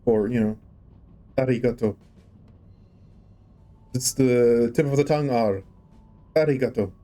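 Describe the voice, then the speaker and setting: A man's voice: mid-range voice, normal speed, mellow. A man casually chatting on a livestream while playing a game, musing and rambling as he tries out rolled R's. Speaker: game streamer.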